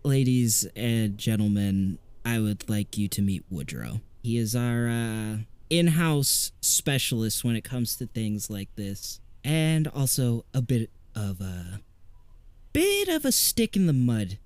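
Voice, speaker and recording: A man voicing a fussy, high-strung middle-aged male paranormal podcaster who talks in a flustered, snippy way. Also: darkish tone, clear, resonant tone, no room sound.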